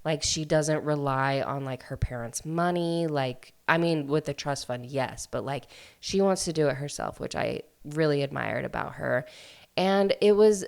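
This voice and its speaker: A woman hosting a book podcast, chatting casually and enthusiastically about a romance novel, full of "like" fillers and quick asides. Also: sits low, gravelly. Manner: chatty, filler-heavy, animated storytelling. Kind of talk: casual book review chat.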